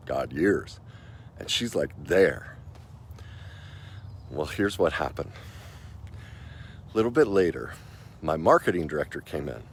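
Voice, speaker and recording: A man's voice: low-pitched, slight background noise. A man in his fifties, a coach, telling a personal story in an earnest, emotional and loose conversational way, with many likes and restarts. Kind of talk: personal motivational talk.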